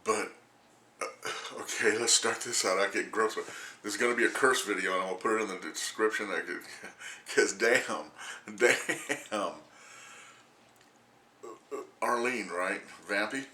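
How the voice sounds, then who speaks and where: A man's voice: on the low side, a little slow, pushed and bright, roomy sound. A man in his sixties ranting casually to camera, rambling and crude, laughing often as he talks. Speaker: vlogger.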